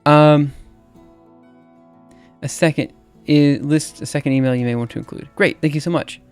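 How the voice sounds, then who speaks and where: Typing as he talks on a livestream, a Southern-accented Alabama man in his thirties speaks in a smooth, slightly mellow, higher voice with fairly even intonation. His chat is hesitant and crammed with fillers, and he chuckles at himself; soft music and keystrokes sit in the background.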